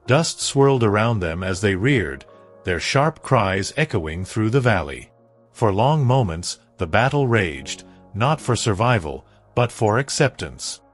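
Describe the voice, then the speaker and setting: A man narrating a dramatic story in a slow, scripted storytelling manner. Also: fairly low pitch, slightly rough.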